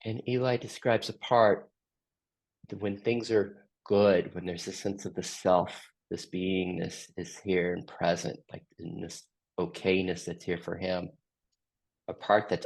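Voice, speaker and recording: A man facilitating a group session, gently asking slow, open questions. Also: low-pitched, little pitch movement, creaky. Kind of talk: guided group reflection.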